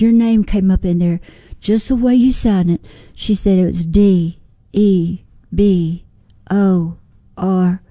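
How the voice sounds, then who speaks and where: An older woman, a singer-songwriter, telling lively personal stories in an interview, acting out what others said. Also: medium pitch, dry recording. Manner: animated, folksy storyteller acting out quotes. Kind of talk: storytelling interview.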